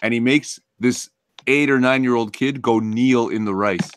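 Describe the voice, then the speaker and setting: A man's voice: mid-range voice, normal speed, smooth, no room sound, clean studio sound. A man chatting on a casual podcast in a laid-back, matter-of-fact way. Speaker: podcast co-host. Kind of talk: casual chat.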